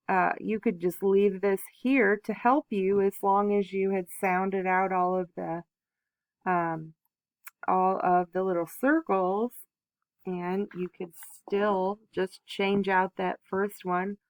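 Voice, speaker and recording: Woman teacher, slow and patient, sounding out words for kids, dry close sound. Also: medium pitch, dry recording. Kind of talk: phonics lesson for young children.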